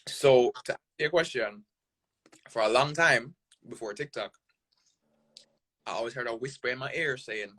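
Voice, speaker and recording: A man with a Jamaican accent speaks as a podcast guest. His voice sits at an ordinary middle pitch, and he tells stories animatedly, pushing hard on key words and checking in with "right?" as he goes. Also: moderate pace, pauses often. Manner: animated, emphatic storytelling with frequent "right?" tags. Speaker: guest content creator. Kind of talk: casual interview talk.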